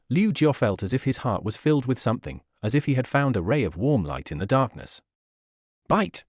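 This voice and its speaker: A man reads a web novel aloud as the narrator, keeping an even, steady pace. His pitch rises and falls a lot, and the recording is dry with no room sound. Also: no room sound.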